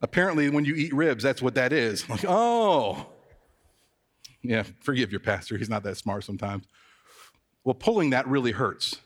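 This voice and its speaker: A man's voice: medium pitch, lively intonation, moderate pace, long reverb tail. A man preaching as a pastor, telling stories in a conversational, self-mocking way. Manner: conversational, self-deprecating storytelling. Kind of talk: sermon.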